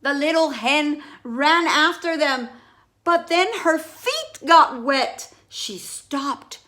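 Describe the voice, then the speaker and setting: Slow, high-voiced woman reading a story aloud. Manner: slow, expressive, exclaiming. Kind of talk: reading a picture book aloud.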